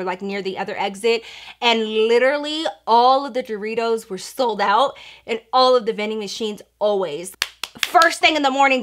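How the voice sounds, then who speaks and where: Young woman doing a storytime, kinda high voice, slangy and swears a lot, talks right to you. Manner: animated, slangy and profane, talks straight to viewers. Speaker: storytime vlogger. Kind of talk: casual storytime.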